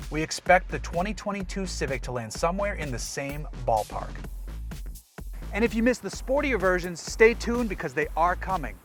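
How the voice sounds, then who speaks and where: A man's voice: on the high side, fairly bright tone. Upbeat guy doing a car review, chatty, music playing behind him. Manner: upbeat, enthusiastic, conversational. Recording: voice with background music.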